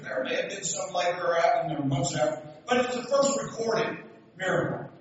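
A man preaching a sermon, telling stories and building to loud, emphatic passages. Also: high voice, animated, normal speed, a little hiss or hum. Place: church sanctuary. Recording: echoey hall, from far off, dull sound.

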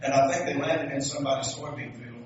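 A man's voice: mid-range voice, fairly even intonation, fast, background noise. A pastor with a Southern US accent preaching a sermon, folksy and joking as he tells stories. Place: church sanctuary. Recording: echoey hall, distant dull mic.

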